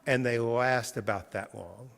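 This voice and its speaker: A man's voice: mid-range voice, a little slow, gravelly, fairly bright tone, in a large hall. A male pastor giving a sermon, telling stories conversationally and retelling his interviews. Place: large church sanctuary.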